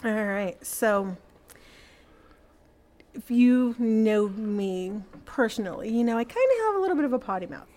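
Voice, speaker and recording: A woman's voice: fairly high pitch, expressive, measured pace, a little mellow. A young adult woman telling a personal story as a podcast guest, casual and full of fillers like "like" and "you know.".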